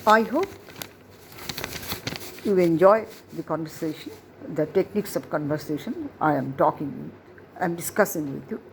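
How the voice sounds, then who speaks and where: A woman's voice: sits low, a little hiss or hum. A woman English teacher, explaining a lesson step by step and repeating key phrases. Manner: explains slowly, repeats phrases, asks rhetorical questions. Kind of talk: classroom-style lesson explanation.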